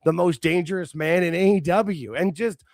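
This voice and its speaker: High-voiced excitable man chatting. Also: normal speed, no room sound, studio quality. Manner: excitable, talks in bursts with laughs and restarts. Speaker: podcast co-host. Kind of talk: casual wrestling chat.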